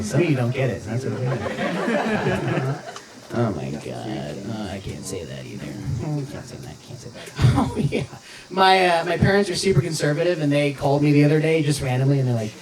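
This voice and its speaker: A man's voice: mid-range voice, very animated, brisk, roomy sound. A man doing a stand-up comedy set, crude and self-interrupting, often laughing at his own jokes. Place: outdoor backyard show. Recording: live crowd recording from far off. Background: audience laughing.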